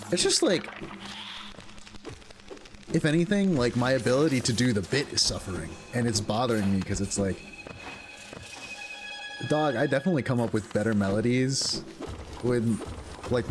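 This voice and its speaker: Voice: mid-range voice, noisy background. A game streamer chatting casually while playing, rambling and self-deprecating with lots of fillers. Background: music.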